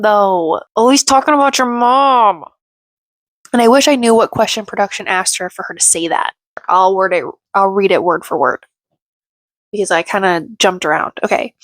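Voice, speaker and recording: A woman talks through a reality show episode in a chatty, sarcastic way, tossing out snide little jabs as she goes. her voice sits at an ordinary middle pitch, recorded close and dry with hardly any room sound. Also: no echo. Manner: sarcastic, snarky asides. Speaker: reality TV recap commentator. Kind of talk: casual commentary.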